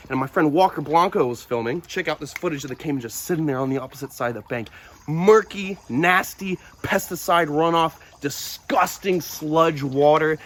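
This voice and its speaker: A young man hosting a wildlife vlog, his voice sitting a little high for a man. He tells his story in an animated, breathless rush. A faint hiss sits under the recording. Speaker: wildlife vlogger. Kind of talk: excited outdoor vlog storytelling.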